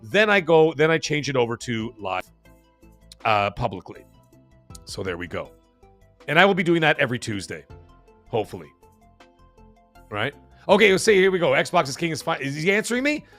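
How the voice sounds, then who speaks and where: A man hosting a live stream and reading out the chat. He talks fast and rambles, with lots of fillers and restarts. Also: a little high, very animated, a bit bright, faint music behind. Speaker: livestream host reading chat.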